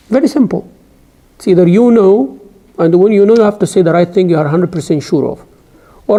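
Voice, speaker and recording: Middle-aged lecturer, dark gravelly voice, emphatic classroom delivery. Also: male voice, high-pitched, expressive. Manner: emphatic, rising sharply when stressing points; recites scripture in rapid chant. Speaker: Islamic studies teacher.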